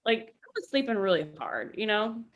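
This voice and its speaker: A woman veteran telling a story on a podcast in a casual, animated way, swearing freely. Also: fairly high pitch, moderate pace. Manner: animated, acts out quoted voices, swears freely. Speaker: military veteran guest.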